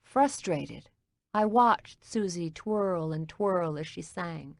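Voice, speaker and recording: Low-voiced woman reading an audiobook. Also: expressive, slow pace, gravelly, no room sound, studio quality. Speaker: audiobook narrator. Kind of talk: scripted audiobook narration.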